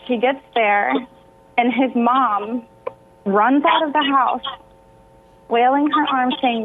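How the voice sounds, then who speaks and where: A woman's voice: fairly high pitch, takes it slowly, long pauses, slight background noise. A woman guest on a radio interview, telling a personal story with emotion that sometimes breaks into tears. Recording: tinny phone line.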